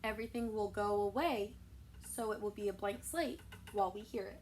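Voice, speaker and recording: A woman teaching a recorded music lesson for young children, explaining terms slowly and patiently. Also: medium pitch, darkish tone, recorded from a distance, a little hiss or hum.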